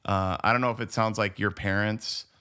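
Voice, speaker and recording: A man's voice: lowish voice, steady tone, normal speed, bright, forceful tone, clear, resonant tone. A man co-hosting a movie podcast in casual chat, enthusiastic and rambling, full of "like" and restarts. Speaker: podcast co-host.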